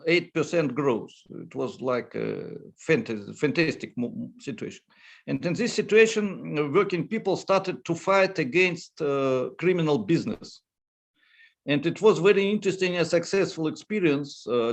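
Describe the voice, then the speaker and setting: A man with a Russian accent speaking non-native English at a conference talk, halting with many fillers. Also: a little high, vocal fry. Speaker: economist speaker.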